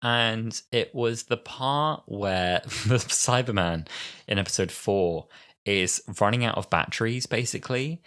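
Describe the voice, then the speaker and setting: A man in his twenties co-hosting a podcast in casual chat, animated and laughing often. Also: fairly low pitch, measured pace, clear, resonant tone. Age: 20s. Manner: animated, laughs often, breaks into silly voices. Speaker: podcast co-host.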